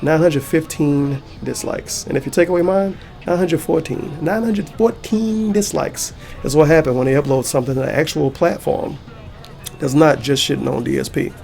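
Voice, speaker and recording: Male YouTuber, gravelly, fired-up reaction rant, heavy profanity. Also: on the high side, normal speed, a little mellow, faint music behind. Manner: heated, profane ranting. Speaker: YouTuber and streamer. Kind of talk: angry reaction commentary.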